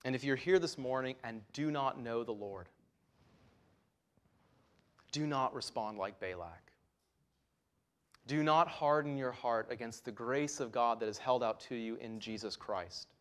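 A man's voice: mid-range voice, unhurried, pauses often. A man preaching a sermon in an earnest, emphatic way, his voice rising and dropping to stress key points.

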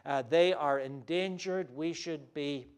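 Pastor guy preaching, lots of uh and restarts, clear smooth voice. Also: fairly high pitch, measured pace. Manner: conversational preaching with frequent fillers and restarts; emphatic when quoting scripture. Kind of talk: sermon.

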